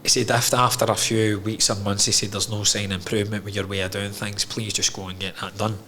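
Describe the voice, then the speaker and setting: A man's voice: lowish voice, little pitch movement, a little fast, heavy background noise. A man, a podcast guest telling his own story candidly, frank and emotional, swearing freely.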